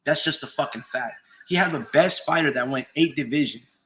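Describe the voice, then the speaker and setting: A man talks straight to his viewers in a loose, profane monologue about fighters and trainers. His voice sits a little high and rings bright and forceful, and he drives home each point by repeating it. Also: fairly quick, a little hiss or hum, low-quality recording. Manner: emphatic, repetitive, swears freely. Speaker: boxing commentator streamer. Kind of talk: casual profane opinion monologue.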